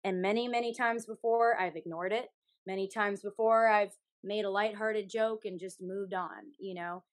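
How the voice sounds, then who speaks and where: Speaking at a moderate pace in a mid-range voice, a young woman singer from Canada shares a story openly on a podcast. She's animated and blunt, curses freely, laughs a lot, and the audio has no echo.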